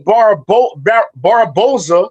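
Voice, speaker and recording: High-voiced southern guy, loud and jokey, dry close sound. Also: expressive, slow, husky, no room sound, lo-fi sound. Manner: loud, joking, profane. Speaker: co-host. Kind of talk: casual boxing talk show.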